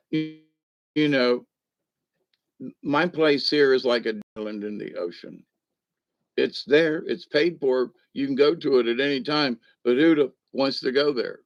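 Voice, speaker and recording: A man's voice: mid-range voice, gravelly. An older man, talking casually as a spiritual teacher, rambling and folksy with many asides. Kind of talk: casual spoken talk. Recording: dull lo-fi recording.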